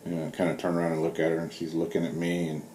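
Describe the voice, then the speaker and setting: A middle-aged man with a Southern US accent telling stories in a relaxed, rambling vlog, full of fillers. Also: sits low, rapid-fire. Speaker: vlogger. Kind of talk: casual storytelling vlog. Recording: roomy with faint background hiss.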